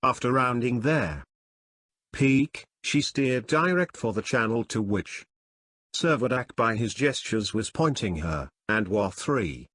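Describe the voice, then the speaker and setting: A man narrating a classic adventure novel in a measured, expressive reading. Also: medium pitch, no echo. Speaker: audiobook narrator. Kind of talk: scripted narration.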